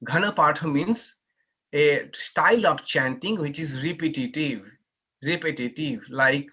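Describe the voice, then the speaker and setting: A man's voice: a little high, unhurried, bright, forceful tone. A man, a monk, teaching a scripture class in a patient, explanatory way and inviting questions and corrections. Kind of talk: unhurried scripture class talk with Q&A.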